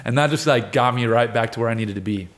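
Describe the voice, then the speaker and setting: A man in his twenties, a guest on an interview show, telling a lively story and acting out what people said, with frequent laughs. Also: medium pitch, fast. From United States. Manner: animated storyteller, acts out quotes, laughs often. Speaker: guest, wrestler and fighter.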